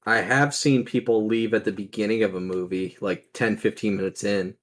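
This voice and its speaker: A man's voice: fairly low pitch, fairly even intonation, normal speed. A man co-hosting a podcast, giving firm opinions in a matter-of-fact way. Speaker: podcast co-host. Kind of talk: casual chat.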